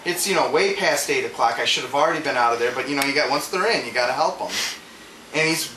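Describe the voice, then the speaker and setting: A man's voice: medium pitch, animated, quick pace. A man ranting through a casual anecdote, profane and laughing as he talks. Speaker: storyteller. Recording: echoey room with background noise.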